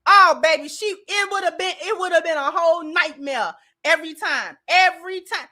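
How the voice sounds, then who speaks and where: A woman's voice: very high voice, moderate pace, pushed and bright. A woman hosting a commentary channel, reacting in a sassy, emphatic way and calling people baby.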